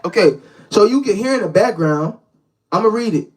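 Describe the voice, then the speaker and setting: A man's voice: high-pitched, animated, normal speed, distant mic, poor audio. A young man hosting a live reaction stream as a street preacher, talking in a slangy casual way, repeating words and addressing the chat directly. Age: young adult.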